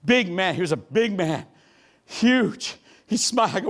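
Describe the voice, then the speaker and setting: A man giving a motivational keynote talk, telling stories in a punchy, animated way and breaking into shouts and acted-out quotes. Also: sits high, a little fast. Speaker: keynote speaker. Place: large hall before a live audience.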